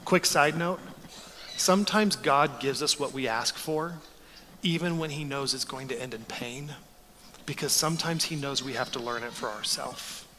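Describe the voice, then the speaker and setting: A man in his forties preaching a sermon, telling stories in an animated, joking way. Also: medium pitch, moderate pace, in a large hall, slight background noise. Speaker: pastor.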